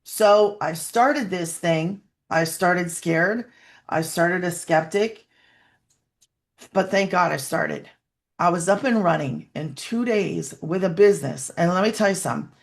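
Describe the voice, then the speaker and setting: A woman's voice: fairly low pitch, measured pace, gravelly. Woman telling a heartfelt testimonial. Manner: rambling, heartfelt, near tears at times. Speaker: webinar guest sharing a testimonial. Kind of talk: emotional personal testimonial.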